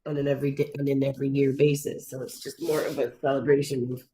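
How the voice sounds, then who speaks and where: A woman's voice: rumbling low, level tone, fast talker, dark tone, slight background noise, rough recording. A woman from Canada chatting casually as a client during a reading. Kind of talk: casual chat.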